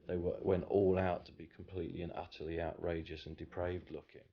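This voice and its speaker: Man recalling old gigs, super low flat voice, slow and deliberate. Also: breathy edge, highs cut off. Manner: deliberate, with ums and uhs. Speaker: interviewee. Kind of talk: measured reminiscing.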